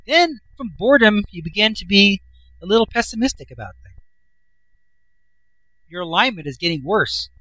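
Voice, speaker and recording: A man's voice: high voice, big pitch swings, normal speed, long pauses, pushed and bright, no echo, low-quality recording. A man, a self-help author, explaining a chart in a casual, folksy, enthusiastic way, swinging his voice up and down for emphasis.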